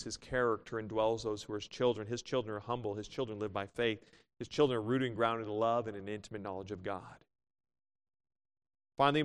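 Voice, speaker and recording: A male pastor preaching a sermon, moving from loud exclamations to quiet asides and reading scripture in older biblical wording. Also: mid-range voice, smooth. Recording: long hall reverb.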